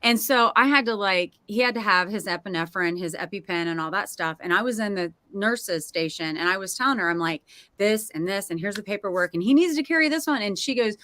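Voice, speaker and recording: Bright, expressive middle-aged woman host. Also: mid-range voice, dry recording. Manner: emotional, expressive, quick laughs. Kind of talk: casual panel chat.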